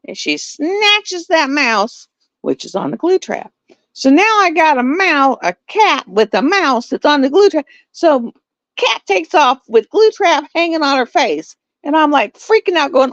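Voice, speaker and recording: A middle-aged woman, hosting a livestream and telling stories in a casual, animated way. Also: sits high, normal speed, dry recording. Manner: animated storytelling with laughs. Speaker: livestream host. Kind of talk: casual chat. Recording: dull lo-fi dry sound.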